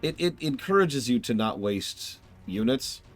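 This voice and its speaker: A man's voice: medium pitch, very animated, unhurried, faint music behind. A man streaming a game, chatting casually and rambling, correcting himself as he goes. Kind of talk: casual gameplay commentary.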